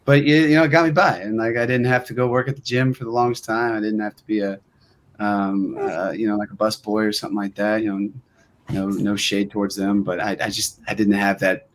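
Young guy on a podcast, lowish voice, acts out quotes in his stories, slight hiss. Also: a little fast. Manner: animated storyteller acting out quotes. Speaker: guest actor. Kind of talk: casual podcast chat.

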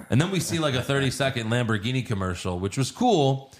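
A man's voice: medium pitch, lively intonation, fairly quick, few pauses. A man co-hosting a podcast, casually recapping a movie scene by scene, acting out the lines and swearing freely. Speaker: podcast co-host. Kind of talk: casual movie review chat.

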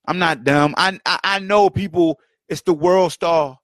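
A man's voice: fairly high pitch, unhurried, fairly bright tone, no echo, clean studio sound. A man hosting his own podcast, delivering heated rhetorical commentary with lots of repetition and mocking questions. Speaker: podcast host. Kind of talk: impassioned solo commentary. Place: home setup, livestream.

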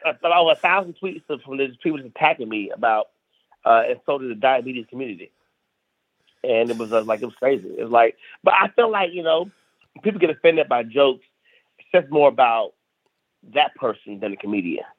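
A man's voice: mid-range voice, expressive, fairly quick, no echo. Tinny-sounding emphatic comedian man. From South Carolina. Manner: emphatic, repeats phrases while ranting. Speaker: stand-up comedian guest. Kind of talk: casual podcast chat. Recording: tinny phone-like dry sound.

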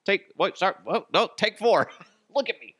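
A man's voice: sits high, expressive, normal speed, fairly bright tone, breathy edge, dry recording, studio quality, voice pushed up, full character voice. A man mocking a flustered, theatrical executive. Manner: theatrical, fumbling, mock-tearful. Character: flustered male executive rehearsing a firing speech.

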